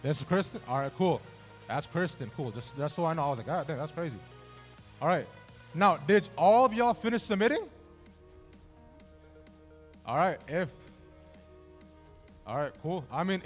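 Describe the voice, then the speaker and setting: A man hosting a trivia game at a gaming event, bantering casually and jokingly with contestants in a large indoor venue. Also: on the high side. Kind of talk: live event emceeing.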